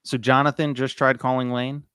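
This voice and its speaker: A man hosting a live call-coaching session, talking with lively enthusiasm and acting out both sides of phone calls. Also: mid-range voice, normal speed, smooth, no echo, clean studio sound. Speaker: host coaching on seller calls.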